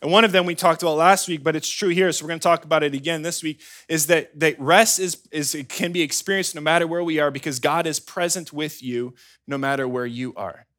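A pastor preaching in a relaxed, conversational way, his voice sitting slightly high for a man. He tells family stories with animated energy and keeps drawing the congregation in with quick asides. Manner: conversational, animated storytelling, frequent "right?" asides. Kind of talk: sermon.

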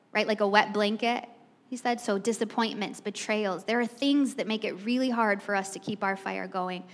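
Long reverb from a hall surrounds a woman of medium pitch and fairly bright tone. In a conversational sermon, she retells the story chattily and speaks directly to those gathered.

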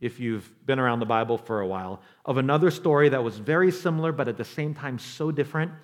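A man preaching a sermon as pastor, telling stories with animation, acting out quoted voices and dropping to a quiet, slow delivery for emphasis. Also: medium pitch, lively intonation.

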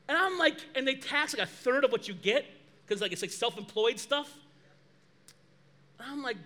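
A man preaching a sermon as pastor, lively and animated, acting out quoted dialogue. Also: sits high, moderate pace.

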